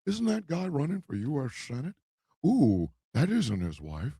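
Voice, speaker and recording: A man voicing a gossipy, nosy onlooker who murmurs low and hushed in a comedy rant. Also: wildly swooping pitch, unhurried, breathy edge, dry recording, clean studio sound, exaggerated voice. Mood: nosy whisper.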